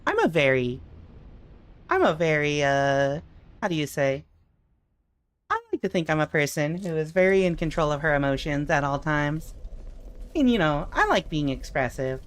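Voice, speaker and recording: A young adult woman streaming a game, chatting casually with her chat and swearing in expressive outbursts. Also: low voice, moderate pace, pauses often.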